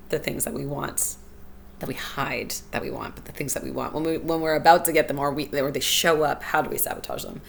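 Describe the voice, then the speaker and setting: A woman's voice: low-pitched, fast talker, creaky. A woman hosting a solo podcast, talking candidly and personally about her own life, often laughing and repeating her phrases. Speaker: podcast host. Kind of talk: reflective solo podcast talk.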